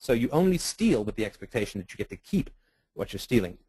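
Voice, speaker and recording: A man giving a webinar lecture on ethics, animated and rhetorical, acting out the voices of people he quotes. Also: fairly low pitch, fast, a little hiss or hum, poor audio. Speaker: webinar speaker.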